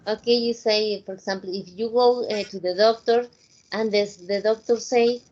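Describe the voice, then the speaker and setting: A Spanish-accented woman teaches English in an online class, encouraging her students as she switches between simple English and Spanish. Her medium-pitched voice is steady and darkish at a moderate pace, and the call audio is dull and lo-fi.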